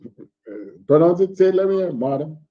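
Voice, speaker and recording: A man teaching an online scripture class over a video call, halting and repeating words as he asks questions. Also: high voice, narrow, tinny audio. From Jamaica. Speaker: religious teacher.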